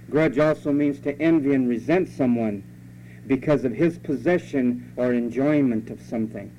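A pastor delivers a sermon in a scolding, conversational way, slipping into mocking asides. His voice is mellow and mid-pitched. The recording sounds dull and lo-fi, with a faint hum underneath. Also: normal speed.

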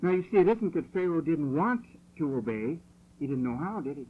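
A man preaching a sermon in a church hall, insistent and forceful, driving points home through repetition. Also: a little high, lively intonation, a little fast, breathy edge, narrow, tinny audio. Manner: forceful, insistent, repeats phrases for emphasis.

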